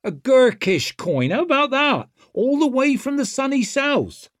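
Guy putting on a high brash young woman warlord, sly and cheeky, lively pitch, dry sound. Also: unhurried, dry recording, exaggerated voice. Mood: cocky.

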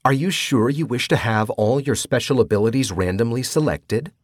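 A man voicing a cutesy, small female game host with a bloodthirsty streak, speaking in a slow, formal announcer manner. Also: medium pitch, no room sound, clean studio sound, voice pushed up, natural voice. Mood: cutesy announcing.

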